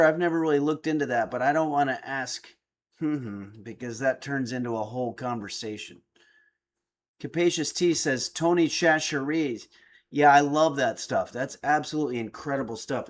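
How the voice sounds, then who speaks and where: A man's voice: fairly high pitch, moderate pace. A middle-aged man streaming, reading viewer chat aloud with dry, joking replies. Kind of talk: casual chat.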